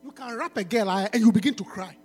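A male preacher delivering a sermon, emphatic and pleading, with frequent shouted lines. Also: high-pitched, fast, soft background music. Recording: long reverb of a large hall.

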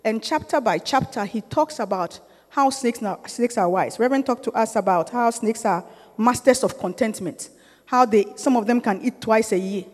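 A woman's voice: on the high side, moderate pace, a little mellow, big-room sound. A middle-aged woman giving an informal sermon-style teaching to a church group, conversational and often checking in with her listeners, growing emphatic and urging.

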